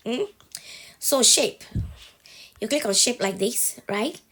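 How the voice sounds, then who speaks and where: A woman who has a cold takes it slowly in a slightly high, fairly bright voice as she records a casual phone tutorial for TikTok at home. She stays chatty and keeps checking on the viewer after every step.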